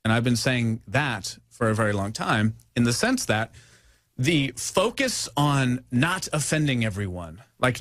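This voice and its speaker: Animated young man ranting on a talk show. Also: no room sound, clean studio sound. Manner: rambling, mocking, mimics others in high voices. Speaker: show host.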